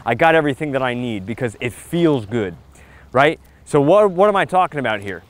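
A man's voice: medium pitch, lively intonation, a little fast. Punchy, emphatic man vlogging outdoors. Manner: punchy and emphatic, with short hyped lines. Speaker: marketing vlogger. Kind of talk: casual vlog talk to camera. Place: outdoors on a beach.

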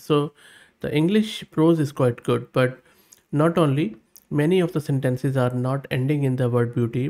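Man walking through a software test. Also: mid-range voice. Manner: thinks aloud while testing, reads prompts and outputs aloud; upbeat, plain-spoken verdicts. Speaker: tech channel host. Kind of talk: screen-recorded software tutorial.

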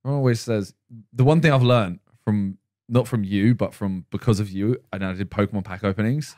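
A man's voice: fairly low pitch, fairly quick, a little mellow, dry recording, clean studio sound. A young man hosting a podcast, teasing his co-hosts in playful casual chat and reading out topics one by one. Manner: teasing, playful, reads list items aloud. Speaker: podcast host.

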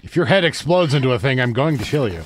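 A man giving casual gameplay commentary, animated and swearing, often shouting at the game and mocking himself. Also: medium pitch, quick pace, faint music behind. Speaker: let's play host.

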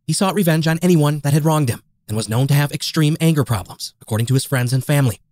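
Fast grave true crime narrator, man. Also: a little high, a little mellow, no room sound. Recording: faint music underneath.

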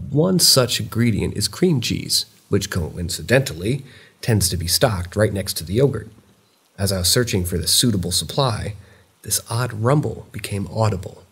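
A male narrator reads viewer-submitted horror stories from a script, his voice low and husky. He keeps a measured, steady delivery.

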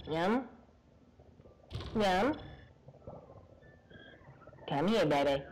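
High-voiced goofy male gamer. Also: very slow, long pauses, rough recording. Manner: rambling, goofy, breaks into excited high-pitched yelps. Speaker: gaming commentator. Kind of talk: casual let's-play commentary. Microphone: low-quality microphone.

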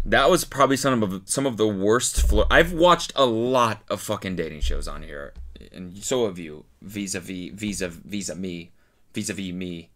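A man's voice: fairly low pitch, expressive, normal speed. Profane sarcastic man reacting. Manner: sarcastic, profane, mocking impressions. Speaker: host reacting to a video. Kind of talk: comedic commentary.

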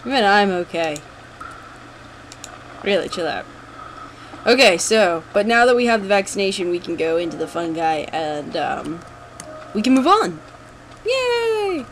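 A let's play host commentating a horror game, jumpy and nervous, groaning and gasping and coaxing the character to calm down. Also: mid-range voice, moderate pace, long pauses, slight background noise, low-quality recording.

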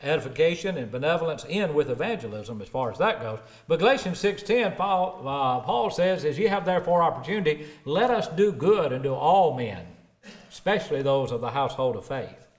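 A middle-aged preacher, his voice sitting a touch higher than most men's. He swells loud and emphatic when he quotes scripture, then sinks low and quiet to tell a story. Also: animated, a little fast. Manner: rises emphatic for scripture, drops low and soft for stories. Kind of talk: sermon.

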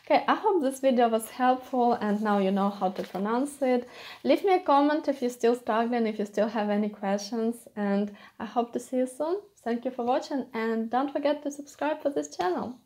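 A woman with a Ukrainian accent teaching a pronunciation lesson, repeating sounds slowly for practice. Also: fairly high pitch, a little mellow. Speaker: language teacher.

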